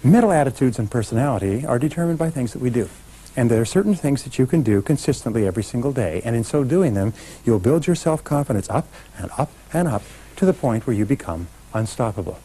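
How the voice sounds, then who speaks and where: A middle-aged man gives an emphatic motivational seminar talk, addressing a live audience and driving home each point. His voice is mellow and a little husky, at an ordinary pitch. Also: expressive, fast, poor audio. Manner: emphatic, talks straight to a live audience, leads call-and-response chants. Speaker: motivational speaker.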